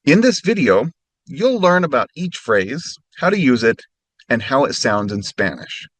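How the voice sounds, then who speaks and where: A man teaching a recorded language lesson, giving clear instructions and slowing right down when he models practice phrases. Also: mid-range voice, big pitch swings, no room sound.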